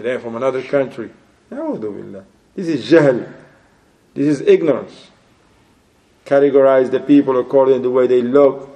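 A man's voice: mid-range voice, mellow. A man giving a religious lecture as a preacher, exhorting his listeners with rhetorical questions and Arabic religious phrases. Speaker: Islamic preacher.

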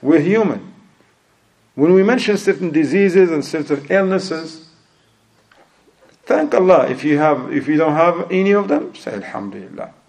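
A man's voice: on the high side, big pitch swings, normal speed, vocal fry, long pauses, a little mellow, rough recording. A man giving a sermon who acts out quoted people and mixes in Arabic phrases. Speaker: preacher.

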